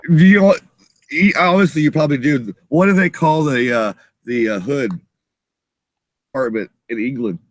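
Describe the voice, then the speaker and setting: A man's voice: medium pitch, normal speed, no room sound. A man chatting casually as a show co-host, laid-back and slangy. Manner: laid-back, says dude and man a lot. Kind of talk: casual chat.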